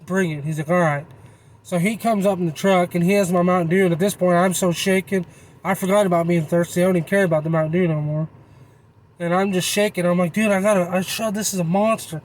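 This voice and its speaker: A man's voice: high-pitched, fairly even intonation, fast talker, slight background noise, low-quality recording. A man telling a hunting story in a casual, rambling, folksy way. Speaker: channel host.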